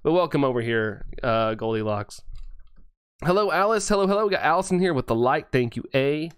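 A male game streamer reading his live chat aloud, excitable and quick to thank viewers, laughing often. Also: a little high, clear, resonant tone, no room sound.

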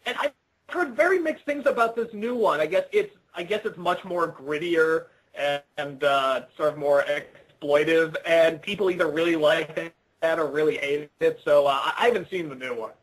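Husky-voiced man rambling with fillers. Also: fairly high pitch, normal speed, fairly bright tone, poor audio. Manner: rambling, self-deprecating, frequent fillers and restarts. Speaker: interview guest. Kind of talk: casual interview chat. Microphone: video call.

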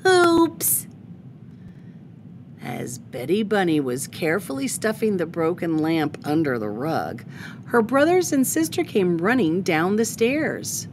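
A woman host reading a children's picture book aloud, expressive and unhurried. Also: medium pitch, slight background noise. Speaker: storytime host.

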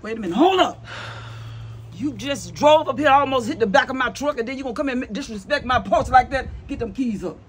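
A man's voice: very high-pitched, expressive, brisk, a bit bright. Older preachy mother-in-law, folksy and scolding, voiced by a man. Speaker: comedy sketch actor.

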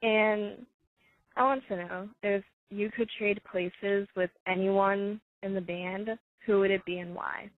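A woman co-host reads listener questions in a slow, unhurried way. The sound is dry and tinny, like a phone line. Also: mid-range voice, steady tone, no echo.

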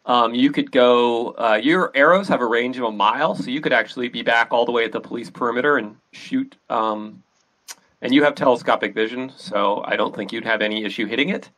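A man runs a tabletop game as its game master. He talks at an ordinary middle pitch and explains rolls and scenes in a loose, hesitant flow full of fillers. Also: fairly quick, rough recording. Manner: relaxed, hesitant with many fillers.

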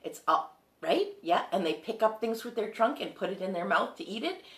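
A woman's voice: mid-range voice, big pitch swings, normal speed. Woman singing to children, echoey room. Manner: encouraging, addresses children as friends. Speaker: children's music host. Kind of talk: singing and teaching young children. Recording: echoey room with loud guitar.

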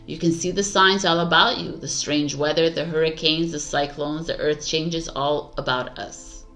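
A woman reading aloud the words of a calm female witch from a tarot deck, solemn and measured. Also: low-pitched, soft background music.

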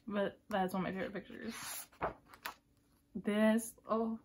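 A woman with an everyday mid-range voice chats through an unboxing, gushing and excitable. She keeps sliding into hushed, breathy whispers. A faint hiss sits behind her. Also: mid-range voice, measured pace, long pauses. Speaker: vlogger unboxing a photobook. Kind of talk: casual unboxing commentary.

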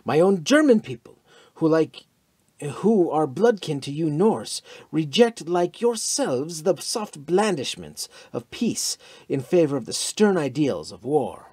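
A man's voice: fairly high pitch, sing-song, a little slow, warm tone, breathy edge, no room sound, voice pushed up, exaggerated voice. A man reading the part of a fanatical young Nazi officer in an audiobook, in a fervent, pressing voice.

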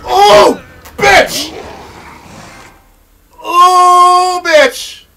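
A man recording let's-play commentary, profane and excitable, with shouting outbursts and repetitive rants. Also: very high-pitched, very slow, vocal fry, noisy background. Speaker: gaming video host.

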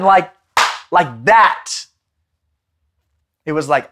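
A man from South Africa preaching a Bible study, telling stories dramatically and swinging between excited and hushed delivery. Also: fairly high pitch, moderate pace, pauses often.

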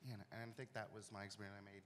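A man on a panel talks about his lived experience, earnest, emotional and a little hesitant. His voice is very low. It rings in a large hall, with faint noise behind it. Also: flat delivery, rapid-fire, a bit bright. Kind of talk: candid panel talk.

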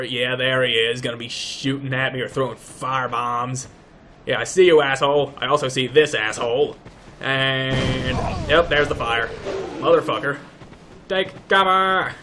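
A young man giving let's play commentary, mock-pompous and swearing, shouting insults at enemies. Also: mid-range voice, noisy background. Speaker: gaming YouTuber.

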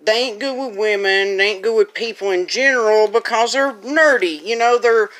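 A woman's voice: mid-range voice, normal speed, fairly bright tone. Crude, ranting woman commentator. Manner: crude, profane, rambling with restarts. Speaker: online commentator. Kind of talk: angry rant.

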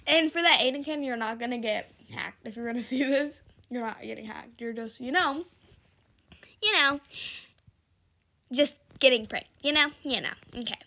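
A young woman giving casual, giggly commentary over her own gameplay, chatty and shifting between loud squeals and quiet mutters. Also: high voice, normal speed, vocal fry. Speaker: gaming video creator.

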